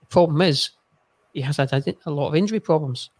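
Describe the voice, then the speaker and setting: Man with a high voice, stammering sweary chat. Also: quick pace, husky. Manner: animated, sweary, stammering restarts. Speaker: podcast co-host. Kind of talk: casual football chat.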